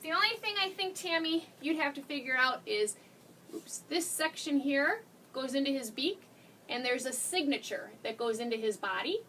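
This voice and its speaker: Chatty woman doing a live craft stream, high bouncy voice, bit far from the mic with faint hiss. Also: expressive, normal speed, pushed and bright. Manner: bubbly, gushing, chatty, laughs often. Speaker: craft seller hosting a live demo. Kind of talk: casual live-stream chat.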